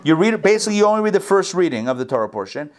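Man, slightly high voice, relaxed teacher on a video call, chatty and self-correcting. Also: rapid-fire. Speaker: Torah teacher. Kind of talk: conversational online Bible class.

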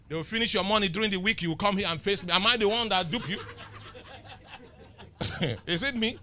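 A man's voice: high voice, fairly quick, long pauses, sharp tone. A male pastor preaching a sermon, emphatic and teasing, firing rhetorical questions at the congregation. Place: church.

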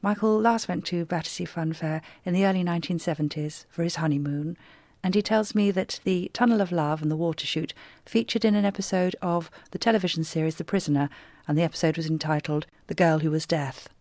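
A woman hosting a comic radio show and delivering arch, deadpan monologues. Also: fairly low pitch, brisk, dry recording. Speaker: radio host.

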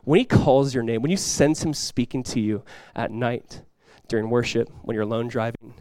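A man preaching a sermon as pastor, telling stories with lively energy, then dropping quiet and slow to press a point. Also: medium pitch, clear, resonant tone, dry recording, clean studio sound. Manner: animated storytelling, drops quiet and slow for emphasis; conversational, many fillers like "like" and "you guys".

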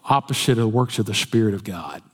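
A man's voice: lowish voice, expressive, fast, husky. A man preaching a sermon in a folksy storytelling way, with jokes. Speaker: pastor. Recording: long hall reverb.

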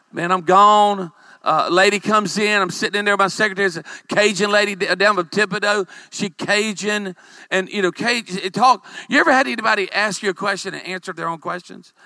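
A man, a pastor, preaching a humorous sermon with animated storytelling and calls for amens. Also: high-pitched, dry recording.

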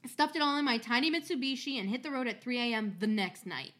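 A woman's voice: fairly high pitch, quick pace, fairly bright tone. A woman hosting a podcast, reading a story aloud with casual asides, chatty and swearing freely.

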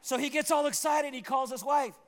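A man's voice: very high voice, a little fast. A man from Puerto Rico preaching a sermon as a pastor, telling a story and acting out the people in it. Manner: animated, acts out the people in his story. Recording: long hall reverb.

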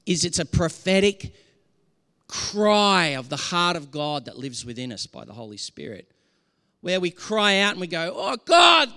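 A man's voice: fairly high pitch, a bit bright, in a large hall. A man preaching a sermon as pastor, earnest and impassioned, often restarting his sentences.

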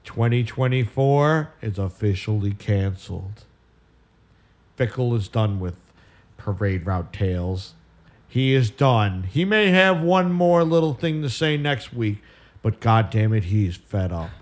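A man's voice: lowish voice, animated, measured pace, pitched below the performer's own voice. A man playing an enraged, foul-mouthed man who is quitting his show, in a comedy sketch. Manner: ranting, cursing, shouting.

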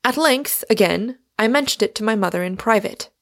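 A woman narrating an audiobook in the first person, in a measured, earnest manner. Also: mid-range voice, lively intonation. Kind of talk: scripted narration.

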